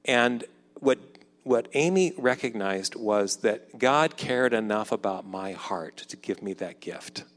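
A man in his fifties telling a personal story in a conversational way, acting out the dialogue and dropping softer when reflective. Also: lowish voice, expressive, takes it slowly. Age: 50s. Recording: long hall reverb.

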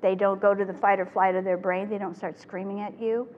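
An older woman presenting a parenting workshop to a live audience, talking in an animated way and acting out the phrases she quotes. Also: mid-range voice, a little fast, phone-quality sound. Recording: echoey hall with faint noise.

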